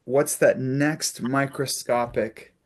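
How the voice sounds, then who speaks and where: This man's voice sits in the mid range, with fairly even intonation and an unhurried pace. Guiding a spiritual conversation over video, he shares stories warmly, chuckling and performing short quoted lines.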